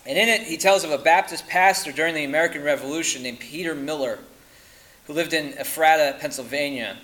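A man preaching a sermon, emphatic and insistent, firing rhetorical questions and dropping to quiet at the ends of lines. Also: on the high side, poor audio.

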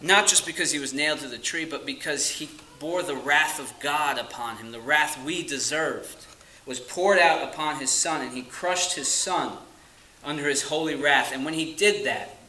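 A man preaching a sermon, earnest and emphatic, stressing key phrases slowly and dropping to quiet asides. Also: a little high, reverberant, slight background noise, poor audio.

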